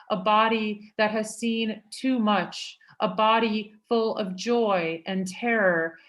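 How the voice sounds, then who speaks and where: Woman reading her own poems slowly, plain and a bit wry, video call. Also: mid-range voice, a bit bright. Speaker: poet.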